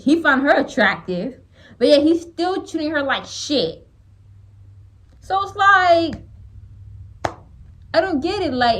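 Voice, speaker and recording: A woman records casual reaction commentary for her channel. She rants bluntly in a fairly high voice that swoops up and down. She keeps restarting and repeating her phrases as her irritation builds. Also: rough recording. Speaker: small YouTuber reacting to a reality show.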